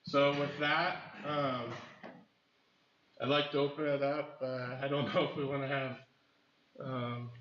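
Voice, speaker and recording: A man's voice: mid-range voice, little pitch movement, measured pace, pauses often, a bit bright. Earnest man speaking in an echoey hall. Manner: earnest, hesitant with many fillers. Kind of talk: speech at a community meeting. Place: school meeting hall. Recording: echoey room, slightly dull.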